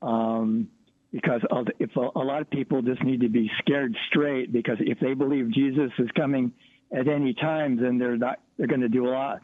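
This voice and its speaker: A man's voice: mid-range voice, steady tone, moderate pace, dry recording. A man from Missouri calling in to a radio show, hesitant and full of restarts. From Missouri, USA. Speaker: caller. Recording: tinny phone line.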